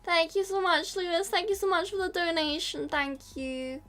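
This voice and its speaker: Woman streamer, high and bright, giggly, emotional, thanking chat. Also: steady tone, normal speed. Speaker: VTuber streamer. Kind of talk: casual live-stream chat.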